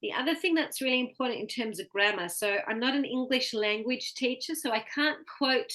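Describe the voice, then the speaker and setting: A woman's voice: on the high side, animated, brisk, fairly bright tone. An Australian woman giving a one-on-one pronunciation lesson, patiently explaining and modeling words for her student to repeat. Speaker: pronunciation coach.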